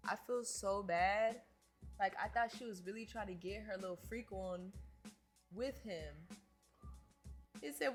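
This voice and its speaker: A woman's voice: medium pitch, measured pace, long pauses, faint music behind. A woman streamer reading a story aloud to her chat and commenting on it in slangy, swearing, playful casual talk.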